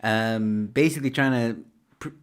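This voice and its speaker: A man's voice: medium pitch, measured pace, smooth. A man hosting a casual online talk show who tells stories in a rambling way and laughs at his own points. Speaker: show host. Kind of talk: casual chat.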